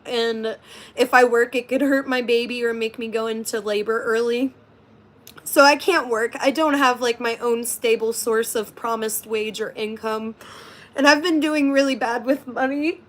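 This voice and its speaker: A woman's voice: fairly high pitch, fairly even intonation, moderate pace. A woman chatting candidly on a livestream, blunt and profane as she talks to her viewers. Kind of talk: casual livestream chat.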